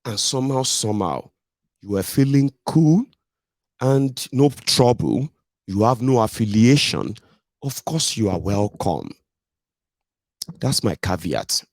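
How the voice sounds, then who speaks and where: A man's voice: lowish voice, very animated, slow, long pauses, a little mellow, no room sound. A man with a Nigerian English accent hosting a political podcast in a loose, digressive rant, blunt and full of pidgin tag questions. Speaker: podcast host. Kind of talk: casual ranting monologue.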